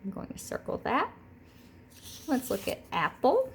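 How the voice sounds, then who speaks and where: A woman teaching a recorded third grade word lesson, speaking clearly and repeating each word slowly for the children. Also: high voice, wildly swooping pitch, a little hiss or hum. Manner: slow, clear, modeling words by repeating them.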